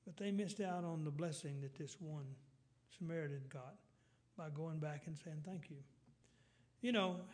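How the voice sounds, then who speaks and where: A middle-aged man, preaching a folksy sermon with halting restarts. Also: a little high.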